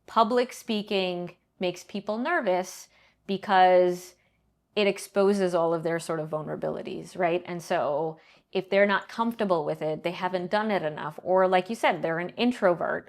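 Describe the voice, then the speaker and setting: A middle-aged woman answering interview questions in a measured, explanatory way, often pausing to check in with "right?". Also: on the low side. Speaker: guest, banking leader and professor.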